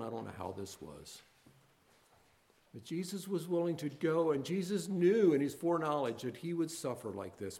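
A man preaching a sermon, moving between quiet reflection and loud impassioned emphasis, reading scripture aloud. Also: mid-range voice, vocal fry. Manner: reads scripture aloud in King James wording.

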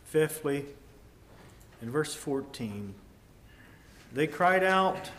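A man preaching a sermon in a measured, earnest way, swinging between loud emphasis and hushed tones. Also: on the high side, expressive. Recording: echoey room with faint ambient noise.

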